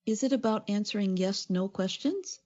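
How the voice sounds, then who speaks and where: Lady co-hosting an english lesson podcast, mellow warm voice, kinda dull sound. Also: medium pitch, moderate pace. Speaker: co-host. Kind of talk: scripted educational podcast.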